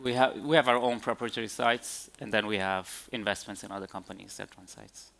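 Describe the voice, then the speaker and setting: A man's voice: lowish voice, steady tone, brisk, creaky, a bit bright. A man answering audience questions after his conference talk, hesitant with many fillers and restarts. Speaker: conference speaker.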